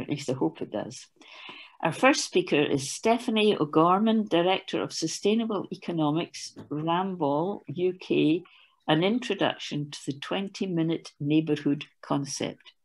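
A woman chairing an online meeting who speaks in a polite, measured way. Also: sits low, creaky.

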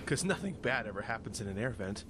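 A woman's voice: very deep voice, sing-song, fast talker. A woman playing a horror game, who shrieks, mutters nervously and cracks sarcastic jokes as she goes. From Canada. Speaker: let's play gamer. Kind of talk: horror game reaction commentary. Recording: loud background noise and game sound.

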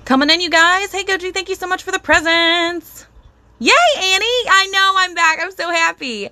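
An excitable, bubbly woman hosting a casual live stream from home, chatting to viewers and thanking them by name. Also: extremely high pitch, normal speed, no echo. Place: at home with a dog.

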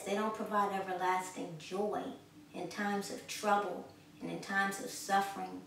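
A woman's voice: mid-range voice, slight background noise. A woman giving a spoken sermon in an earnest way, repeating phrases for emphasis and swelling in volume when she exhorts. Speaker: preacher. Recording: echoey room, from a distance.

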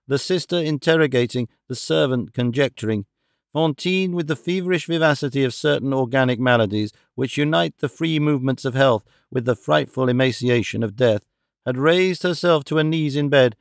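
Gravelly male audiobook narrator. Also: medium pitch, no room sound, studio quality. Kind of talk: scripted narration.

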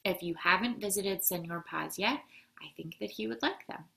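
A woman's voice: medium pitch, moderate pace, vocal fry, sharp tone. A woman voicing a polite, earnest young girl in a read-aloud storybook.

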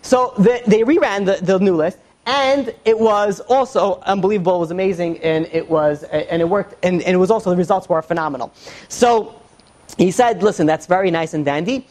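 A man teaching as a rabbi in an informal lecture, halting and full of "you know" fillers and restarts, with joking asides. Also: high voice, a little mellow.

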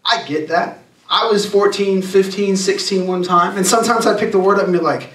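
A young adult man giving a youth sermon, talking casually and emphatically and slowing down to read scripture. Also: high-pitched, a bit bright. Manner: emphatic, conversational preaching with slowed scripture reading. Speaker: youth pastor. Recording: echoey room, distant mic.

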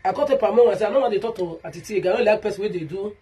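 Heated Nigerian woman, very husky voice. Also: mid-range voice, very fast, dark tone. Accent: Nigerian Pidgin English. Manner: heated, repetitive, calls out someone by name. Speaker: vlogger. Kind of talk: ranting vlog monologue.

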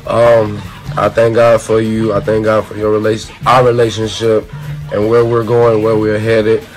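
A man who is a musician, giving a relaxed, grateful birthday message with many "you know"s. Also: on the low side, moderate pace, soft background music, poor audio.

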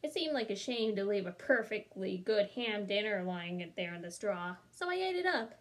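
A woman reading a storybook aloud as a smooth-talking male wolf, chatty and wry in tone. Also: medium pitch, animated, normal speed, natural voice. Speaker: storybook reader. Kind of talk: children's read-aloud.

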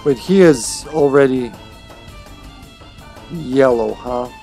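With game music in the background, a man gives easygoing live commentary on his gameplay, swearing and laughing along the way. His voice is medium-pitched, dark-toned and slow.

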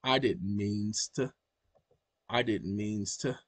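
A man's voice: lowish voice, fairly even intonation, slow pace, no room sound. A man hosting his own channel, talking to his audience in an emphatic, preachy monologue. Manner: emphatic and preachy, keeps addressing the audience directly. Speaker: channel host. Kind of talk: casual explanatory monologue.

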